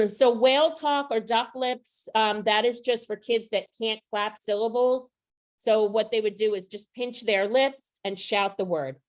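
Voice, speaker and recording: A woman's voice: a little high, steady tone, unhurried. A middle-aged woman training teachers on vocabulary instruction, practical and asking the audience questions. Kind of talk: professional development workshop.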